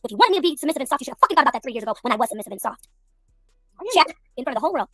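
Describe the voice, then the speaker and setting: Rapid-fire indignant woman, high voice. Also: expressive, fairly bright tone, no room sound, clean studio sound, faint music behind. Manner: rapid, profane, indignant, talks over others. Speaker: livestream panel guest. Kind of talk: heated argument on a livestream.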